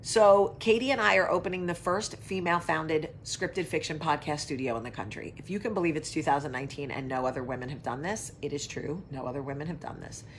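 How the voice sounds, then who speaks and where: A woman's voice: low voice, fairly quick, hardly any pauses, slight background noise. A woman hosting her own casual talk show, chatting loosely to viewers, wandering between tangents, swearing freely and answering viewer comments as she goes. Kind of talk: casual live chat to viewers.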